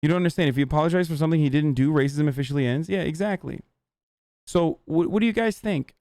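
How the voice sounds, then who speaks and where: A man's voice: a little high, darkish tone, no echo, studio quality. Agitated, cursing male streamer. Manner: profane, agitated, halting restarts. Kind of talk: heated live-stream rant to chat.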